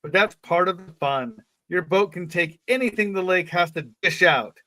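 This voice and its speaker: A podcast co-host with a high, sharp voice reads a story at normal speed, recorded with no room sound. He keeps breaking off for jokes and laughs between lines, keeping the reading casual.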